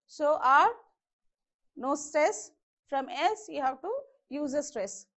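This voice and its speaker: High-voiced woman teaching English stress. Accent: Indian English. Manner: slow, repeats each word to model its pronunciation. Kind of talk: exam-prep grammar lesson. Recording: dull lo-fi sound.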